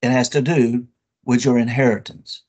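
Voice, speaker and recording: A man preaching a sermon with emphatic, drawn-out phrases and rhetorical questions to his listeners. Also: mid-range voice, little pitch movement, a little mellow.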